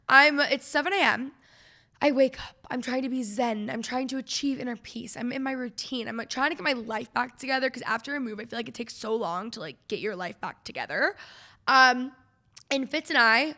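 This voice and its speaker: Young woman podcast host, high-pitched and bright, rambling casual chat. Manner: chatty and rambling, heavy with "like". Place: her living room at home.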